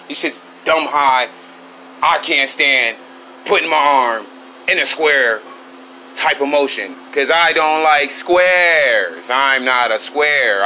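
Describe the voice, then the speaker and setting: A man with a very bright, sharp voice rambles through a casual podcast while he washes tubs at work. He curses freely and jokes at his own expense. A faint hum sits behind him. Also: mid-range voice, poor audio. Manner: profane, playful, rambling. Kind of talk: casual monologue to camera. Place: at work washing tubs, air conditioning hum.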